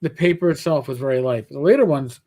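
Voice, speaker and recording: A man's voice: mid-range voice, fast, warm tone. A man with a New York accent hosting a casual livestream chat, rambling and repeating words as he talks. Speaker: podcast host.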